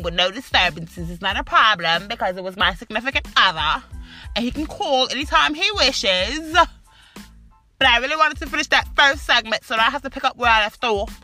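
A woman's voice: on the high side, pushed and bright. A British woman hosting a podcast, delivering a furious, mocking, profane rant. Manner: furious, mocking, swearing constantly. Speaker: podcast host. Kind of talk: profane ranting commentary.

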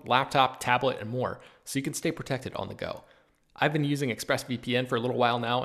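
Gravelly man reading a sponsor ad. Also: medium pitch, a bit bright. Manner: upbeat, spells out web address slowly. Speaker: ad read by podcast host. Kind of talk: read sponsor ad.

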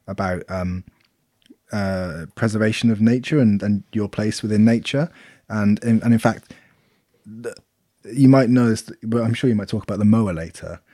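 A man's voice: lowish voice, warm tone, no echo, clean studio sound. A British man co-hosting a casual podcast chat, explaining things in a rambling way with lots of fillers. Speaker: podcast co-host.

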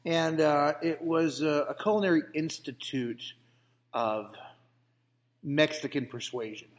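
A man's voice: fairly high pitch, a little slow. A man co-hosting a comedic banter show, telling stories in a playfully pompous, mock-grand manner. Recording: long hall reverb.

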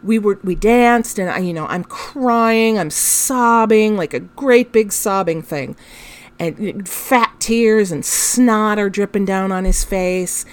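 A woman hosting a podcast, telling a personal story in a candid, emotional way, with frank swearing and laughter through her telling. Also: a little high. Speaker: podcast host.

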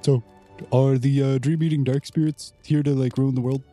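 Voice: medium pitch, flat delivery, moderate pace, mellow, soft background music. A chatty player rambling through a tabletop game. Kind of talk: tabletop role-play banter.

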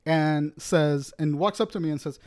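A man casually telling a profane, animated story on a podcast chat. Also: fairly high pitch, normal speed, no room sound.

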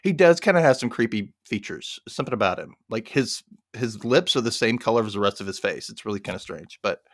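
A man's voice: lowish voice, lively intonation, a little fast, no room sound, clean studio sound. A man hosting a podcast, recapping a TV episode in casual chat, laughing often and mimicking the characters in silly voices. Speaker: podcast host.

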